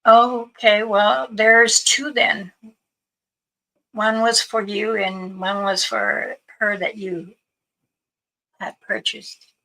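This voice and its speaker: A woman's voice: medium pitch, flat delivery, very slow, long pauses, sharp tone, rough recording. A woman hosting a livestream, chatting casually with viewers and telling stories in a loose, rambling way. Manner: chatty storytelling, greeting viewers. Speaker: livestream host.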